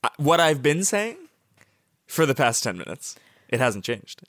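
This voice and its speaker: A man playing a blunt, exasperated high-school college counselor with dry deadpan delivery, in an improvised comedy sketch. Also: a little slow, dry recording. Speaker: comedy podcast co-host.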